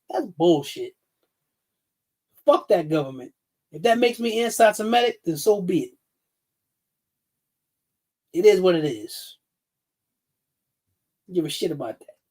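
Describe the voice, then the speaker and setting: A man's voice: high voice, a little mellow. A man, ranting bluntly and profanely on a casual livestream. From New York City. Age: 50s. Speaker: livestream host.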